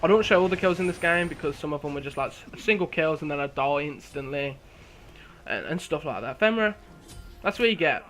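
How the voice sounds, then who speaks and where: Young guy talking through a match, chatty and self-mocking, bright, slightly high voice. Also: lively intonation, fairly quick, a little hiss or hum. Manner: chatty, laughs at himself, restarts words. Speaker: gameplay commentator. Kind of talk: casual game commentary.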